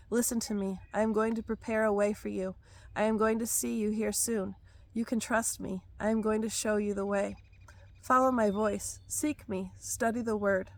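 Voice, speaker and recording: A hoarse woman reading prophetic messages aloud in a slow, solemn, measured way. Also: medium pitch. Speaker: prophetic devotional speaker.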